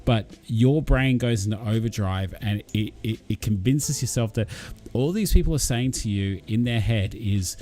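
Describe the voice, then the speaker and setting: A man's voice: medium pitch, moderate pace, a little mellow, soft background music. A man hosting a casual livestream, chatting and answering viewers in a chummy, rambling way. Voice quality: rambling, full of fillers and restarts, chummy. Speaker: channel host reading live chat.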